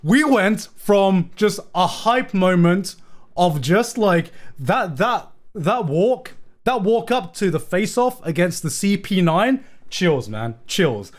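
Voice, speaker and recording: A young man talks on a live stream in a high voice that leaps up and down. He is excitable and swears freely. He keeps circling back and repeating his words. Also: takes it slowly. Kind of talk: casual live-stream chat.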